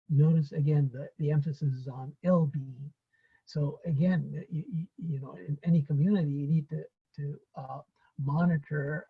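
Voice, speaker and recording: A man with a raspy, breathy voice that sits a little high gives an unscripted webinar lecture. He talks through his points with fillers and restarts. His voice comes through a computer mic on a video call, and the audio is dull and lo-fi.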